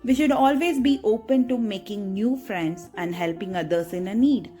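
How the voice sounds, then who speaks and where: A woman's voice: mid-range voice, moderate pace, dark tone, faint music behind. A woman narrating a moral story for children in a chatty way, often checking in with her listeners. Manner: chatty, asks listeners "right?".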